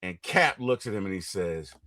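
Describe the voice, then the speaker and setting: A middle-aged man hosting a casual interview, talking animatedly and getting loud and excited as he retells film scenes. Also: sits low, normal speed, no echo. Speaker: interview host.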